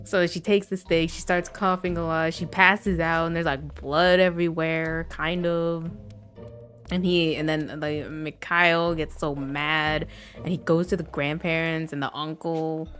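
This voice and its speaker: A young adult woman chatting casually on a gaming livestream, rambling and animated, with frequent laughs and filler words. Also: sits low, measured pace, faint music behind. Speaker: gaming streamer.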